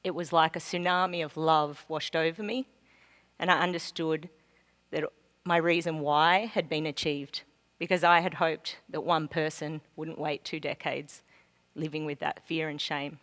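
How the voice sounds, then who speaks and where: A woman's voice: low-pitched, fairly even intonation, measured pace. Australian woman speaker, heartfelt storytelling. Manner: heartfelt, swings from loud to hushed. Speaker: keynote speaker. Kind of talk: personal storytelling speech. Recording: long hall reverb.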